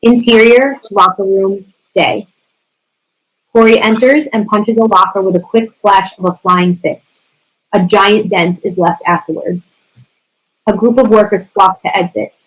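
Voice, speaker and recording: Woman, stage directions, table read, measured, steady, mid pitch. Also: rough recording. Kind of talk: screenplay table reading.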